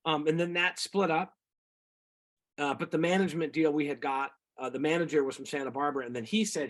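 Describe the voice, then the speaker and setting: A middle-aged singer-songwriter telling rambling, animated stories about his music career in a casual interview. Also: on the high side, fairly quick. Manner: rambling, animated anecdotes with quoted voices.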